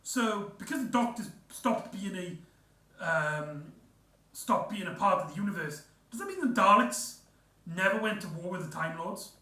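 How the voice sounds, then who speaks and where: A man's voice: high voice, bright, forceful tone. A man recapping an episode in a casual, rambling way, full of fillers and restarts. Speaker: reviewer. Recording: echoey room, off-mic.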